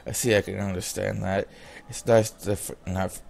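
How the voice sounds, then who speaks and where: A man's voice: lowish voice, steady tone, normal speed, vocal fry, darkish tone, slight background noise. A man reading a visual novel's dialogue aloud in his own plain voice, breaking off now and then for casual comments. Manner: reads all the character lines in a plain voice, breaking off for casual comments.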